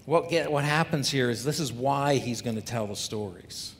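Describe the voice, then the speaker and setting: A man preaching a sermon as a pastor, talking through scripture in a conversational way and asking the congregation rhetorical questions. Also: moderate pace. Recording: long hall reverb, faint rumble.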